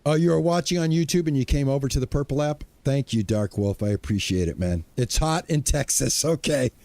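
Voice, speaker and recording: A man's voice: medium pitch, fairly quick, darkish tone, dry recording. A middle-aged man streaming a game, chatting casually and greeting viewers by name, often restarting his words. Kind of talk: casual live-stream chat.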